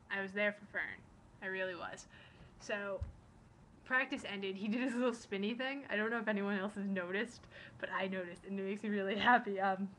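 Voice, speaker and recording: A young woman rambles through a casual vlog in an excited, gushing way. Her voice sits at an ordinary middle pitch and now and then sinks into hushed, breathy asides. A faint hiss runs underneath. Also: poor audio. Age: young adult. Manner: excitable, rambling, gushing storyteller who acts out quotes. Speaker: vlogger. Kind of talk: casual chat.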